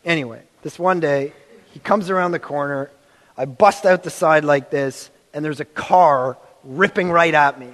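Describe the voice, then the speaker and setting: Male preacher, high voice, animated storyteller, acts out quotes, reverberant hall. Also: normal speed. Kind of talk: sermon with personal story.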